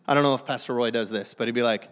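A man's voice: mid-range voice, very fast, fairly bright tone, big-room sound. A man preaching a humorous sermon to a church, self-deprecating and joking, often restarting his sentences. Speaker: guest pastor. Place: church sanctuary.

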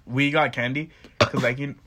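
A man's voice: mid-range voice, fairly even intonation, normal speed, sharp tone, a little hiss or hum. A young man rambling through a story in casual chat, giggling often.

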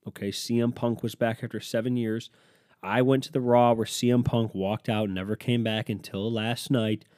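A man's voice: mid-range voice, level tone, normal speed, a little mellow, no room sound, studio quality. A man, hosting a solo podcast and ranting sarcastically, swearing often as he reacts to headlines. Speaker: podcast host. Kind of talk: profane solo podcast rant.

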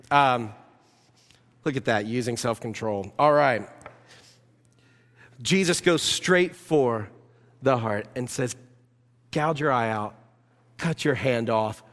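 Man, pastor, mid-pitched voice, urgent sermon delivery, long church-hall reverb. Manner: impassioned, rising to urgent exhortation.

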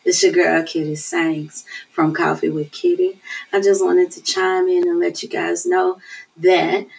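Woman host, slow gravelly promo read, recorded from a distance. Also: sits low, a little mellow. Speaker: show host. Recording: distant mic.

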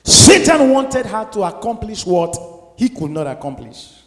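Male pastor, emphatic sermon, high voice, echoey hall. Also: big pitch swings, measured pace. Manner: emphatic preaching with sudden shouts and laughs.

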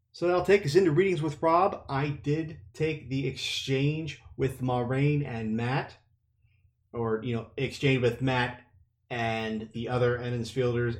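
A man's voice: mid-range voice, reverberant. A man hosting a podcast, casually recapping a chapter and then reading it aloud. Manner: relaxed, thinking aloud with restarts. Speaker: podcast host and reader.

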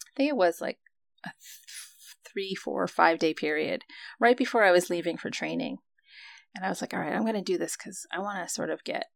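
A woman with a lowish voice and a gravelly fry shares a personal story about her breathwork practice. She talks casually and reflectively, often acting out her own past reactions. The sound is dry and close. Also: no room sound. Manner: reflective, animated quoting of her own reactions, frequent fillers and laughs.

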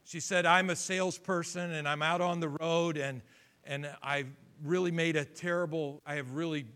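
A man preaching a sermon, telling a story with quoted dialogue and building to loud exhortations. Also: a little high, steady tone, normal speed, clear, resonant tone. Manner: retells conversations in quoted voices, builds to shouted exhortation. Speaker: pastor.

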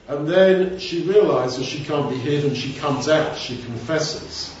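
Chatty preacher in an echoey room. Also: male voice, fairly high pitch, measured pace, hardly any pauses, darkish tone, slight background noise. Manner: conversational, rambling asides. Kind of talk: informal Bible teaching. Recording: echoey room, distant mic, dull sound.

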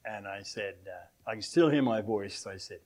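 An older man from Australia, his accent softened by years in America, preaching a rambling, anecdotal sermon in a church and chuckling often. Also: on the low side, moderate pace.

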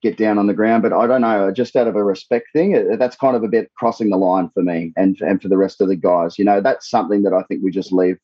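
An Australian man with a husky, low-set voice talks loosely about his band, swearing and circling back on himself. The sound is dry and close, with a slightly muffled, dull recording quality. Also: steady tone, fast talker, hardly any pauses, dry recording. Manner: swears freely, rambles with many restarts. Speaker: tribute band singer, guest. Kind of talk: casual interview chat.

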